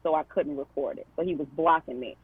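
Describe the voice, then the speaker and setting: A woman's voice: sits low, quick pace, breathy edge, no echo. A woman guest on a podcast, telling a story in a conversational way, full of fillers and quoted dialogue. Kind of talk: casual storytelling. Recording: tinny phone-like line.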